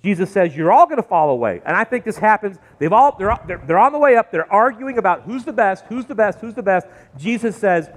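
A male pastor preaching a sermon in a church, talking in an animated way with sudden jumps in pitch and loudness. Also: fairly quick, hardly any pauses. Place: church sanctuary. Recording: long hall reverb.

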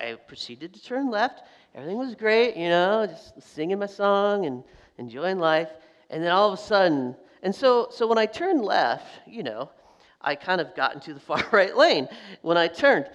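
A man preaching a sermon as a pastor, telling a story in a lively way and acting out the voices of people in it. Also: sits high, moderate pace. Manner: animated storytelling, acts out quoted voices, laughs. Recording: long hall reverb.

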